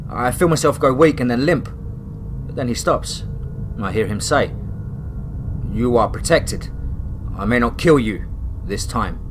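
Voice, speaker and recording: A man reading a first-person horror story aloud, dramatic and rising to shouts. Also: mid-range voice, background noise.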